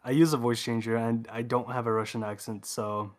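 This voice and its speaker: A man's voice: mid-range voice, level tone, a little fast, soft background music. A Swedish native speaker, a man from Sweden, talking easygoingly as a guest through a voice changer on an online call. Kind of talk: casual interview chat.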